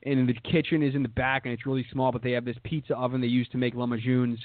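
Talking quickly in a medium pitch with little pitch movement, this young man hosts a podcast full of profane, rambling casual talk and endless "dude"s. It's captured in dry, lo-fi audio that sounds phone-like, without room sound.

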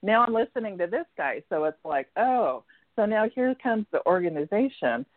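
Over a tinny phone line, a chatty American woman, an energy healer, talks as a guest in a casual radio chat in a mid-range, very animated voice at normal speed. Her voice rises and falls a great deal as she tells stories, laughing often and acting out quoted lines, and the sound is dry and close.

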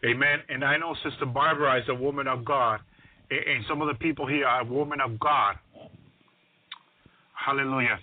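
Stammering preacher saying hallelujah, phone line. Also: male voice, medium pitch, normal speed, pauses often, dry recording. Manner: repeats "hallelujah" constantly, stammering restarts; grows louder and more excited. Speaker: radio ministry preacher. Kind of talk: testimony sermon. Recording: dry, phone-like radio broadcast line.

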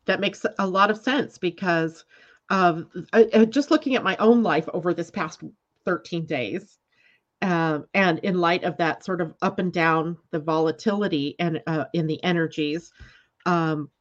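A woman hosting an astrology talk show, telling a story in a chatty, animated way, often laughing and acting out what people said. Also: fairly low pitch, highs cut off. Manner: animated, laughs while telling stories, acts out quotes. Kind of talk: casual storytelling chat.

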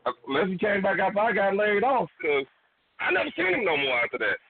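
Animated, high-voiced radio host man. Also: quick pace, a crowd in the background. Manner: animated, swearing, laughing loudly. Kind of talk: casual profane storytelling. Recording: phone-like narrow band.

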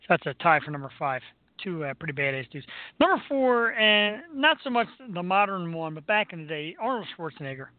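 A man's voice: high-pitched, fairly quick, dry recording. A man from Philadelphia co-hosting a show in casual chat, easygoing and full of fillers. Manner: relaxed, lots of "uh" and "um" fillers. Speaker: co-host. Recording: tinny phone-like line, dry.

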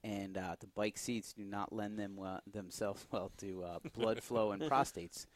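A man's voice: fairly low pitch, steady tone, measured pace, no echo. Man laughing through a story. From Irish heritage. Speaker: podcast co-host. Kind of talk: casual podcast chat, storytelling.

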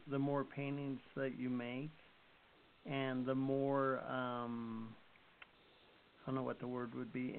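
A man hosting an interview, slow and hesitant, often searching for his words. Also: medium pitch. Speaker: host. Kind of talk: casual interview chat. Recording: tinny phone line with faint hiss.

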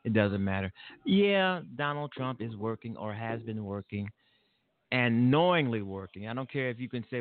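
A man's voice: medium pitch, expressive, moderate pace, no echo, narrow, tinny audio. Profane, rambling male talk show host. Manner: blunt and profane, with frequent fillers and restarts. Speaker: host of his own political talk show. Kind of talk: casual political commentary monologue.

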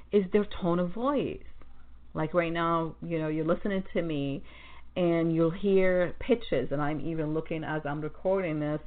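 A woman hosting a podcast, talking in a rambling, animated monologue full of fillers and restarts. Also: low-pitched. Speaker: podcast host. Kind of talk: casual monologue about customer service. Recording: tinny phone-like sound.

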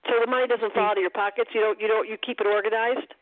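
A woman's voice: fairly high pitch, steady tone, rapid-fire. A woman astrologer giving call-in readings on the radio, playful and emphatic, joking with callers. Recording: phone-like narrow band.

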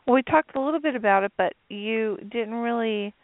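A woman's voice: a little high, brisk, dry recording. A woman hosting an interview, encouraging her guest with frequent affirmations. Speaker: host. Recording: phone line, dry.

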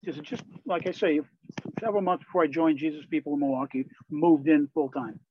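An older man from Wisconsin, a Christian musician and pastor, telling candid, lively stories as a guest in an interview. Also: fairly high pitch, brisk, slight background noise. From Wisconsin, USA. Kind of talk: storytelling in a conversational interview. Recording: slightly dull, lo-fi sound.

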